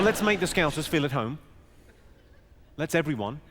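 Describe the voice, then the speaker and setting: A man doing a stand-up comedy set on stage, teasing the audience with quick crowd work. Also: fairly high pitch, lively intonation. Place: large comedy venue on stage. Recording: roomy hall with loud crowd noise.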